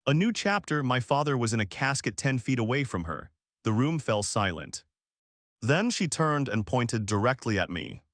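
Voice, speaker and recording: A man's voice: medium pitch, big pitch swings, moderate pace, fairly bright tone, no room sound, studio quality. A man giving a scripted first-person narration of a family drama, told in an earnest, dramatic way. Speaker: story narrator.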